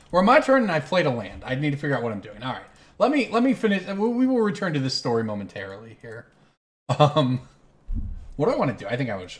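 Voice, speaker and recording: Lively rambling man narrating gameplay. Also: mid-range voice. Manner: rambling, self-correcting, animated storyteller. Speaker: host playing online card game. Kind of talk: casual storytelling while playing.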